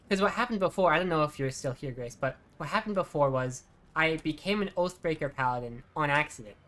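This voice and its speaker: A streamer giving relaxed, chatty commentary while playing, muttering asides. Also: mid-range voice. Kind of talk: casual gameplay commentary.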